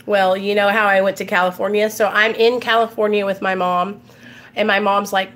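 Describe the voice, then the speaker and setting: A woman's voice: mid-range voice, flat delivery, normal speed, fairly bright tone. A woman in her twenties telling loose, candid stories to camera at home, laughing often and filling her talk with "like". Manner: coughs now and then. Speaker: vlogger. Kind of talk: casual storytelling to camera.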